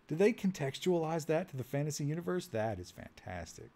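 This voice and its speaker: A man's voice: a little high, sing-song, a little fast, mellow. A man streaming a text adventure, reading the story aloud and adding amused asides.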